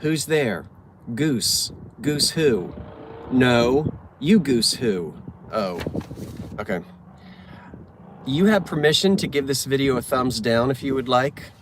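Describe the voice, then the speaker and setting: A man sits in a parked car chatting and reading corny jokes, self-deprecating and prone to stumbling. His medium-pitched voice has lively intonation, and he takes it slowly with long pauses, against a noisy background.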